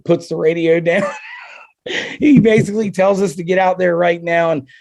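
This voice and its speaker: Man, target setter, casual storytelling, animated quotes, laughs easily. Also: sits high, normal speed, vocal fry. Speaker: target setter, podcast guest.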